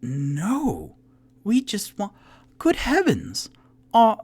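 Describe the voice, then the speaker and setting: A man's voice: high voice, huge pitch swings, extremely slow, darkish tone, slightly rough, pitched above the performer's own voice, full character voice. A man voicing a polite, genteel male adventurer who is easily shocked and speaks in prim exclamations. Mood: alarmed.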